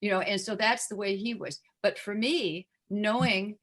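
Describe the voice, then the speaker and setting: A woman's voice: mid-range voice, normal speed, a bit bright. An older woman from the United States, a guest singer and actress chatting casually in an interview, full of "you know" fillers.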